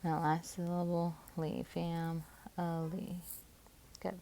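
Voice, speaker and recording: Slow, gravelly-voiced woman teaching phonics. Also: fairly low pitch, level tone, mellow, a little hiss or hum. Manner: patient, sounds out syllables slowly. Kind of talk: phonics lesson.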